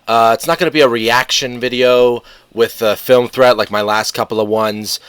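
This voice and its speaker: Hosting a casual reaction commentary, a man rambles with fillers and self-corrections, sarcastically arguing with an article's author and addressing them directly. His mid-range voice is clear, resonant, and fairly bright, with fairly even intonation, normal speed, and no echo.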